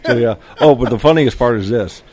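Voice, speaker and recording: A man appearing as a podcast guest, telling stories in casual chat, animated and full of laughter, often restarting his sentences and acting out quoted lines. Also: medium pitch, brisk, a crowd in the background. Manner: acts out quoted dialogue.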